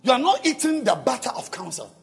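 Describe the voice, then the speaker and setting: A male preacher delivers his sermon in an animated, high voice that rises and falls dramatically. He repeats key phrases for emphasis and urges the congregation to pray, with faint music behind him. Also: fairly quick, gravelly, big-room sound. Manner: emphatic, repetitive, calls for responses. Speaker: pastor.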